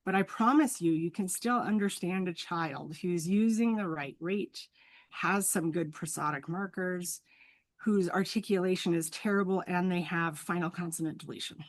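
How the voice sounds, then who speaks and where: Speaking at a moderate pace in a lowish voice, a woman who is a guest speech-language pathologist lays out her points earnestly, like a teacher, often asking "right?" to check in. The audio is close and dry with no room echo, and the exchange is an explanatory professional conversation.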